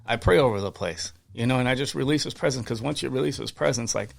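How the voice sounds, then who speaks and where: A man with a mid-range, gravelly voice talks at a quick pace as a podcast guest. He tells faith stories earnestly and fervently in casual interview style, often restarting and repeating words.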